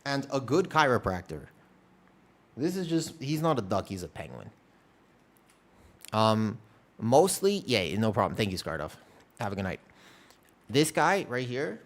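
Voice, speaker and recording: Male streamer, young adult, animated pitch, rambling casual chat, swears freely.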